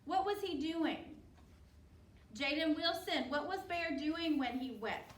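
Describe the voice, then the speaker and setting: A woman's voice: sits high, takes it slowly, a bit bright. A woman teacher reading a picture book to children, encouraging and asking pupils questions by name. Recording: roomy, distant mic.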